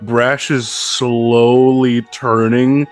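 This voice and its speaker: A man playing a tabletop game, describing his character in a slow, deadpan way. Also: medium pitch, soft background music. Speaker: player. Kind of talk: casual tabletop play.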